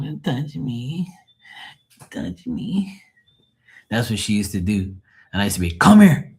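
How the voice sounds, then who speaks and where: Low-voiced man rambling on a live stream. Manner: rambling, profane, joking. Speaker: live tarot reader and streamer. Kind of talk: casual live-stream chat.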